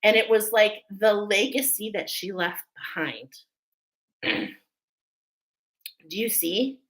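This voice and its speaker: Speaking slowly in a mid-range, slightly bright voice, a middle-aged oracle card reader of Irish Catholic background delivers a live reading. She is chatty and emotional, frequently asking "okay?", and the recording is rough.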